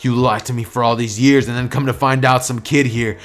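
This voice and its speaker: A man doing a brash teenage rival with a short fuse, sneering and throwing insults in a homemade fan story. The voice sits at an everyday middle pitch, with no heavy disguise. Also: steady tone, fairly quick, faint music behind, natural voice. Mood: angry. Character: angry arrogant teen boy rival, hot-tempered.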